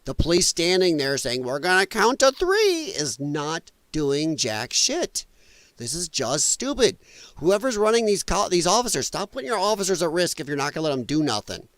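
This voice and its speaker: A man's voice: fairly high pitch, lively intonation, moderate pace, no room sound. Guy doing blunt mocky news rants, voice bounces up and down a lot, dry close sound. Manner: blunt, sarcastic and mocking; rambling, trails off while scrolling. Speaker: podcast host. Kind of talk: opinionated news commentary.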